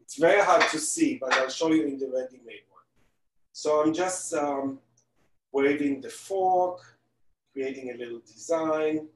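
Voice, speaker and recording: A man's voice: a little high, measured pace. A man, a celebrity pastry chef, giving a live baking demonstration from his home kitchen, talking casually with joking asides as he works. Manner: chatty, joking asides while working. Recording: echoey kitchen, distant mic.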